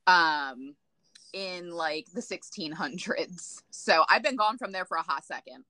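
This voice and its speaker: A woman with a Boston accent chats on a livestream in a blunt, profane, joking way. Her voice is bright and fairly low, and it sounds dry and close. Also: animated, measured pace, no echo, poor audio. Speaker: livestream host. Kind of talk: casual livestream chat.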